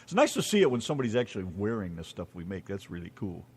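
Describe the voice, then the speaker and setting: Lively American man hosting a radio show. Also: on the low side, quick pace, slight background noise. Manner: joking, teasing. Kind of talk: casual radio chat.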